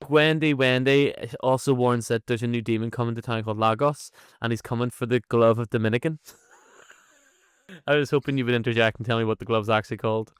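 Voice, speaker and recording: Male podcast co-host, smooth close-miked voice, swears and laughs a lot. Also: mid-range voice, brisk, dry recording. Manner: animated, swears freely, laughs often. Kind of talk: casual chat.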